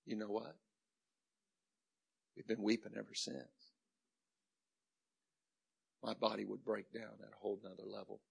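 A middle-aged man preaching a sermon as a pastor, telling a story dramatically and moving between loud and hushed delivery. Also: lowish voice, flat delivery, unhurried, creaky, pauses often, breathy edge.

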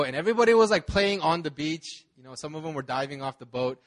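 A man preaching a relaxed, chatty sermon, telling a vacation story with laughs, fillers and restarts. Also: fairly high pitch, fast talker, few pauses. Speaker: pastor. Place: church service.

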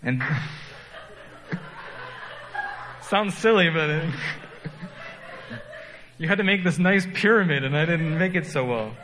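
A man's voice: on the high side, lively intonation, slow, pauses often, sharp tone, in a large hall, a little hiss or hum, poor audio. Conversational, self-deprecating male pastor. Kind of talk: sermon.

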